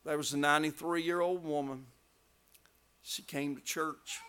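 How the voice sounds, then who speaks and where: A man preaching a revival sermon, telling stories and building to loud climaxes. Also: on the high side, fairly even intonation, measured pace, clear, resonant tone.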